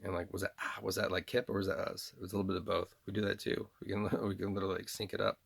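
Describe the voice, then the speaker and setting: A man's voice: low voice, flat delivery, very fast, creaky, husky. A man with a slight Southern accent giving a rambling monologue, talking about himself in the third person and restarting often.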